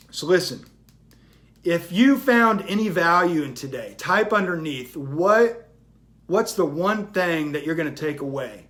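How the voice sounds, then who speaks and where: A man's voice: a little high, animated, a little slow, pauses often, a bit bright. A man giving a motivational talk in an emphatic, repetitive style that builds in intensity. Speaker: motivational speaker.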